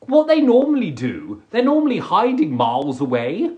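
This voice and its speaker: A man's voice: sits high, huge pitch swings, moderate pace, dull audio. Chatty man on a live stream. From England. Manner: chatty, stammering restarts, giggly. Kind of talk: casual chat.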